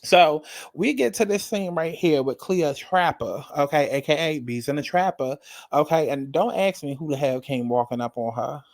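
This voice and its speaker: A man's voice: on the high side, moderate pace, dry recording. A man giving casual, sassy commentary on a reality show, dramatic and profane, addressing the viewer directly.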